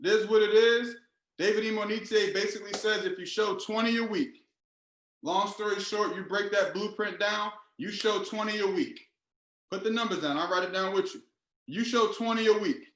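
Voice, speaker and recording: A man with a high voice gives a fired-up motivational talk on a team call, repeating his points and pushing his listeners. His voice rings in an echoey room. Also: moderate pace. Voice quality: energetic, preachy, repetitive. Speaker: team leader and trading mentor.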